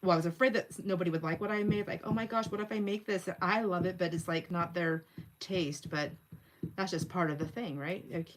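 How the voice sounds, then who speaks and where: A woman in her sixties hosting a crafting livestream, chatting casually and giggling as she narrates each step of her work. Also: fairly low pitch. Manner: chatty, giggly, thinks aloud while working.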